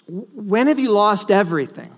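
A male pastor preaching a sermon earnestly, with emphatic stresses that drop to quiet asides. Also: high-pitched, big pitch swings, normal speed.

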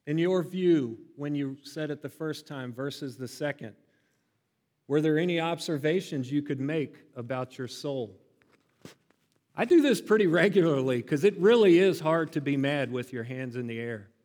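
Male pastor, mid-high voice, expressive sermon delivery, reverberant sanctuary sound. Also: moderate pace. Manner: expressive, builds to loud emphatic peaks. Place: church sanctuary.

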